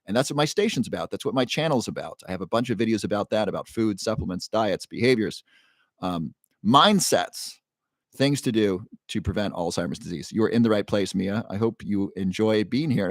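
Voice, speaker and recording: A man hosting a casual livestream, greeting viewers from the chat by name and pitching a supplement with upbeat energy. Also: no echo, clean studio sound. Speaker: livestream host.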